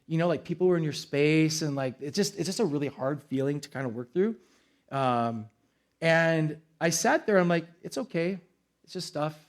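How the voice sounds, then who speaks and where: Casual preaching man, slightly high voice. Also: expressive, moderate pace. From United States. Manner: casual, conversational preaching with acted-out quotes. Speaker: pastor. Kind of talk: sermon.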